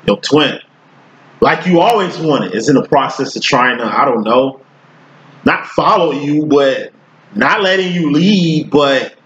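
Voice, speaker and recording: A man reads tarot cards in a loose, streetwise monologue at a medium pitch, cursing freely. He talks in rhythmic runs of words and jumps his pitch up to hammer each point. The audio is a little dull and lo-fi. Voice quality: profane, blunt and streetwise, with slang. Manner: animated, rhythmic, jumping in pitch for emphasis. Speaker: tarot reader. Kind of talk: casual tarot reading monologue.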